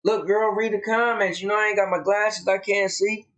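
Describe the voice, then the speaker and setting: A man's voice: sits high, level tone, moderate pace, fairly bright tone, lo-fi sound. A man with a Southern US accent co-hosting a casual live stream, drawling and emphatic as he tells a story. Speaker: co-host.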